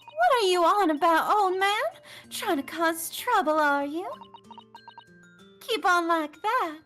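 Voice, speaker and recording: A woman's voice: very high voice, animated, slow pace, bright, forceful tone, soft background music, full character voice. A woman voicing a cagey older man who dodges questions and needles others, reading game dialogue aloud. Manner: evasive, needling.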